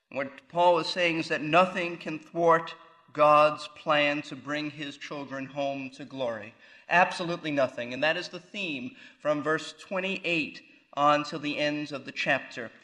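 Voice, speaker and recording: A man's voice: a little high, fairly bright tone, low-quality recording. A man teaching a Bible sermon as a pastor, emphatic and fond of rhetorical questions. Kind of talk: expository sermon.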